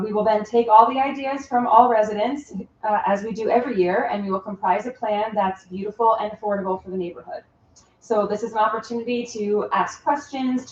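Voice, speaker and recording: Give me a woman opening a public hearing in a town hall meeting room, calm and formal, heard from a distance. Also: medium pitch, slight background noise. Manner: formal, measured, with some "uh" fillers. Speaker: meeting chair. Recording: distant, roomy, dull meeting-room audio.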